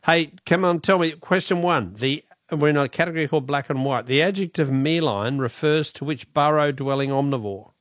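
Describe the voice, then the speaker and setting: Jovial radio quiz host. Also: male voice, fairly high pitch, fairly bright tone, no room sound, studio quality. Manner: brisk, jovial, quick asides. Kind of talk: talkback radio quiz hosting. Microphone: studio microphone.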